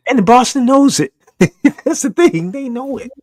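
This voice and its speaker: A man's voice: very high-pitched, expressive, measured pace, dry recording, studio quality. A man co-hosting a casual sports talk show, joking, teasing and laughing between points. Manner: laughing, playful trash talk.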